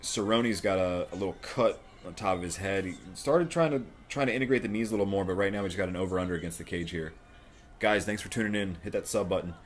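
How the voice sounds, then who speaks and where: Brief: young man, low-voiced stream host from Florida, swears freely and gets hyped calling the fight live. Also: quick pace, slight background noise. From Florida, USA. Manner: profane, excitable, rambling. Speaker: livestream host. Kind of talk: live fight watch-along commentary.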